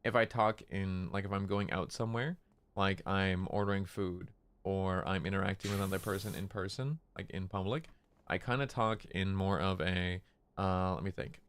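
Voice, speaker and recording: On a game stream, a male livestreamer chats casually in a relaxed, low-key, unexpressive manner. He deliberately holds his voice in a lower register, and it sounds smooth.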